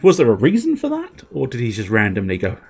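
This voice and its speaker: A man's voice: medium pitch, huge pitch swings, fast talker, vocal fry, darkish tone, slightly rough. A man chatting on a gaming livestream in a wry, joking way and laughing often. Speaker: gaming streamer. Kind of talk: casual livestream chat.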